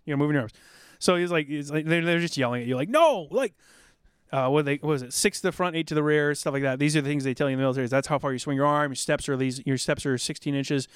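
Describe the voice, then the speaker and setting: A middle-aged man telling rambling, animated army stories in a casual podcast chat, now and then acting out drill sergeants. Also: fairly high pitch, rapid-fire, clean tone, dry recording, clean studio sound. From South Dakota, USA. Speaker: podcast guest, military veteran.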